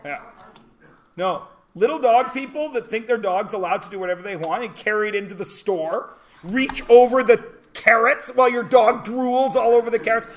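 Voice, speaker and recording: A man teaching a math class, lecturing with loud jokes and rants that break into shouts. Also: very high voice, moderate pace, a little hiss or hum.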